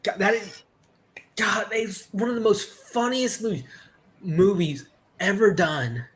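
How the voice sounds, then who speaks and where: A man chatting casually on a podcast, telling stories in a halting way with many restarts and fillers. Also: sits high, fairly bright tone. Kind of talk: casual chat.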